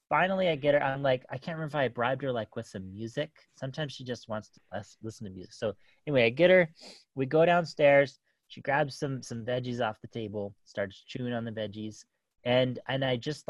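A man in his thirties rambles through a family story, full of "like" and restarts and frequent laughter. His voice sits at an ordinary pitch, and the recording is dry and a bit dull. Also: normal speed, no echo. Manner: rambling, many fillers and restarts, laughs often. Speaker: parent telling a story. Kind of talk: casual storytelling.

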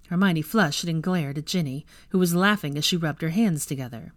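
A woman reading fan fiction aloud with an expressive reading voice. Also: low-pitched, fairly quick, hardly any pauses, no echo, clean studio sound.

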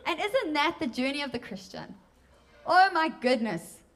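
Woman, preacher, church sermon, higher voice, earnest, emotional. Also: very animated, moderate pace, a bit bright. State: tearful at times.

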